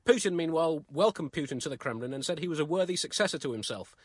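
A man co-hosting a comedy podcast, reading jokes in a deadpan, mock-solemn way and bantering. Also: fairly high pitch, fast talker, slightly rough, no room sound. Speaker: co-host.

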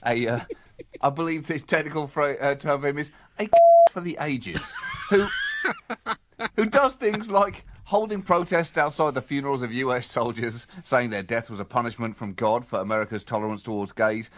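A man's voice: mid-range voice, moderate pace, a little hiss or hum. A man co-hosting a satirical comedy podcast in a sardonic, mock-exasperated way, groaning at his partner's puns. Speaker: co-host.

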